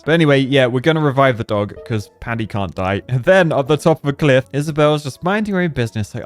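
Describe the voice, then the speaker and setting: Brief: playful young gamer, chatty commentary, faint music bed. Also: male voice, mid-range voice, lively intonation, fast talker, few pauses. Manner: chatty, laughing, jumps into silly character voices. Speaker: gaming youtuber. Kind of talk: playful let's-play commentary.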